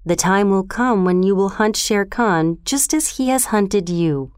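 A woman's voice: mid-range voice, measured pace, a little mellow, clear, resonant tone, no echo, studio quality, natural voice. A woman reading as a fierce mother wolf. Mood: protective. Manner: tender, then defiant.

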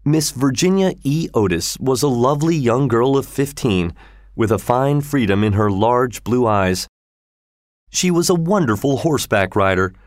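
A man narrating a storybook in a measured, even reading voice. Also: medium pitch, dry recording, clean studio sound. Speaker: audiobook narrator.

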